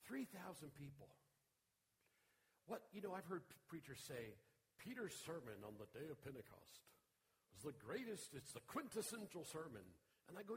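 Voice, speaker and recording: A man preaching a sermon as a guest speaker, swinging from shouting to quiet, intimate talk and acting out the voices in his stories. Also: a little high, very animated, normal speed. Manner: acts out quoted voices in his storytelling.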